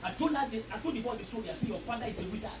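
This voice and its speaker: A high-voiced woman preaching a sermon, shouting decrees and telling stories with laughter. She sounds distant in an echoey hall, with a steady hiss of noise underneath. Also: very fast.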